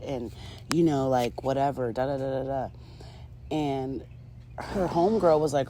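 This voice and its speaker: A woman's voice: very deep voice, moderate pace, mellow, slight background noise. A woman recapping a reality show in casual commentary, sassy and chatty with lots of fillers, talking to her viewers as girl and ladies.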